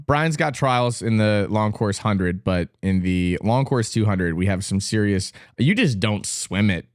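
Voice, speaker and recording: Animated, teasing young man, low voice. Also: clean tone, no echo, clean studio sound. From Texas. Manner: animated, exclaiming, teasing, laughing at what he reads. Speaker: vlogger and former competitive swimmer. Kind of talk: casual commentary, reacting on screen.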